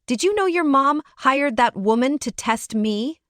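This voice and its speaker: Woman reading a betrayed young man, cold and bitter, slightly high voice, storybook. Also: expressive, unhurried, a bit bright, no echo, clean studio sound. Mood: accusing. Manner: icy, controlled, bitter. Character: hurt betrayed young man confronting his partner.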